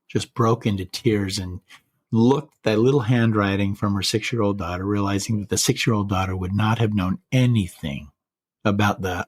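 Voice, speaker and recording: A man hosting a podcast, retelling a personal story in casual chat, measured and full of quoted dialogue. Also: fairly low pitch, breathy edge, no echo.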